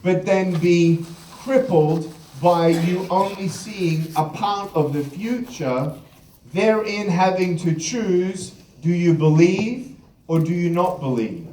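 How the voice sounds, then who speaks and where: A man's voice: high voice, slow pace, dark tone, slight background noise. A man giving a live motivational keynote, telling humorous stories and acting out the quotes. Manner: humorous storyteller, acts out quotes with laughter. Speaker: motivational speaker. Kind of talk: live keynote speech with anecdotes. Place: large event hall. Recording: echoey hall, voice from far off.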